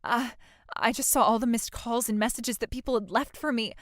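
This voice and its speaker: Girl voicing a bratty self-centered bride, high whiny voice, stammers and demands, dry mic. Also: fairly quick, dry recording, lightly acted. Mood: dazed. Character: self-absorbed young bride, whiny and entitled. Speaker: voice actor in a text-message drama. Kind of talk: dramatized text-message reading.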